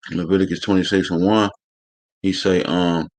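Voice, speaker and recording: A deep, darkish, level-toned male voice at normal speed leads a live-streamed scripture class. He reads the verses aloud and then comments on them bluntly and vulgarly, preaching, cursing freely, and constantly saying "man."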